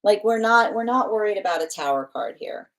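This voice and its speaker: A woman hosting a tarot livestream in casual chat, reading out viewer comments and warmly thanking people by name. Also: mid-range voice, animated, a little fast. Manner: chatty and affectionate, thanks viewers by name, laughs often.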